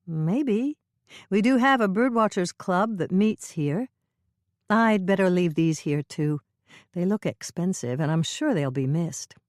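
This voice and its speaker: Give me a determined heroine sleuth, read by a woman with a lively, animated voice, insistent and pushy. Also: on the low side, a little slow, dry recording, studio quality, voice pushed up. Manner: forceful and urgent. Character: determined woman baker, sharp-tongued sleuth.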